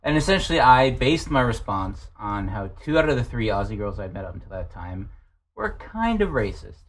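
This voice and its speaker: A man's voice: fairly low pitch, big pitch swings, moderate pace. A man co-hosting a podcast, defensive and precise in casual group banter. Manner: defensive, precise, a bit pedantic. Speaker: podcast co-host.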